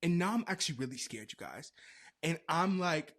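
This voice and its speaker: Animated man telling a wild story. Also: on the high side, moderate pace. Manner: animated, dramatic, laughs often. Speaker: podcast host. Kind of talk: casual comedic storytelling.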